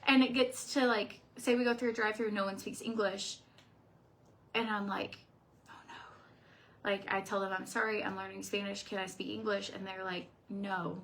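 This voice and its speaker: A woman's voice: mid-range voice, fairly even intonation, normal speed, vocal fry, a bit bright, a little hiss or hum. A woman vlogger in casual chat, chatty and laughing often.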